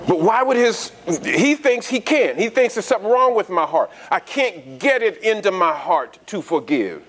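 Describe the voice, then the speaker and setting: A man's voice: high-pitched, sing-song, moderate pace, a bit bright. A man preaching a sermon in a conversational style, asking the congregation frequent rhetorical questions and repeating words as he restarts. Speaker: pastor.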